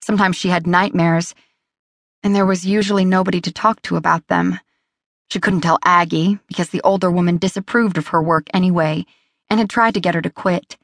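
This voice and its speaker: A woman narrating a romance audiobook in a steady, measured way. Her voice is lowish and the studio sound is bone dry. She is close on the mic with nothing behind her. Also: no room sound. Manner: even, measured storytelling.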